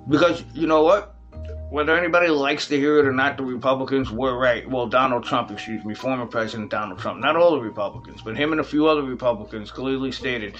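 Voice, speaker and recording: A man's voice: mid-range voice, fairly even intonation, fairly quick, fairly bright tone, faint music behind. Profane ranting man. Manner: profane, heated, addresses the audience as folks. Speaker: vlogger. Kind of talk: casual political rant.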